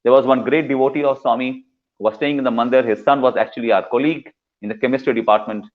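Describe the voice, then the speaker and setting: A man's voice: mid-range voice, fairly even intonation, quick pace, narrow, tinny audio. Earnest man telling devotional stories. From India. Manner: earnest, repeats words for emphasis, acts out quoted dialogue. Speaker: guest speaker. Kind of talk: devotional storytelling talk.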